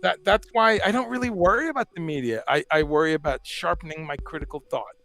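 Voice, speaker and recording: A man chatting as a guest on a video call, animated and emphatic, often repeating words as he talks. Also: on the high side, fast talker, creaky. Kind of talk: casual chat.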